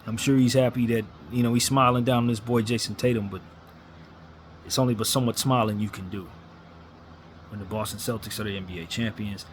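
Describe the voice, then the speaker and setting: A man's voice: fairly low pitch, fairly even intonation, brisk, slight background noise. A man ranting as a sports fan commentator, blunt and frustrated, hammering his points with repetition.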